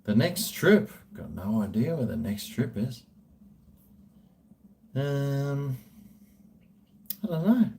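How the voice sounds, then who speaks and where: A man's voice: mid-range voice, big pitch swings, slow pace, vocal fry, long pauses, a little mellow, a little hiss or hum. A middle-aged Australian man chatting casually, rambling and joking crudely. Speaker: vlogger answering viewer questions. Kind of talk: casual chat.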